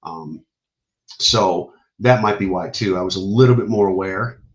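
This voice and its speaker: A man in his fifties from Michigan, a guest telling army stories in an animated way. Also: low voice, highs cut off. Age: 50s. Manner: animated storyteller, quick asides. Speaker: guest, retired army ranger. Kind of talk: casual interview storytelling.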